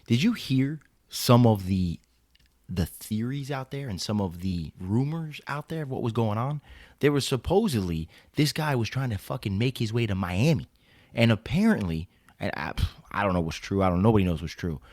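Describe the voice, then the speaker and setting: Sarcastic, profane man with a lower voice. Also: expressive, moderate pace, a little mellow, dry recording, studio quality. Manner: blunt, sarcastic, profane, ranting. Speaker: podcast co-host. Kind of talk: casual sports chat.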